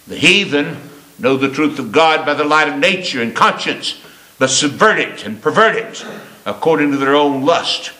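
An older male pastor delivering a sermon in a church sanctuary, his voice pitched a little high and bright with a forceful edge. He swings from loud climbing declarations to low, quiet asides. The room gives his voice a strong echo. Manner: preaching with shifting emphasis, rising and falling.

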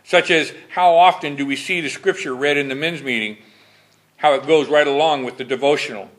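A man's voice: a little high, brisk, a bit bright. A man preaching a Bible study. He reads scripture verses formally, then comments on them in a conversational way and asks his congregation questions.

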